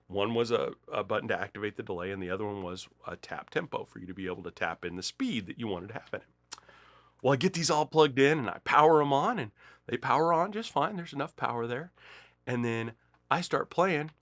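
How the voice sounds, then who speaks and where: A man hosts a guitar gear lesson, talking casually and acting out quoted dialogue with big leaps in pitch. His voice sits at an ordinary middle pitch. The sound is dry and close, with no room echo. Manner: animated storyteller, acts out quoted dialogue with big pitch jumps. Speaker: music store host demonstrating guitar gear. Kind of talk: casual storytelling and gear demo.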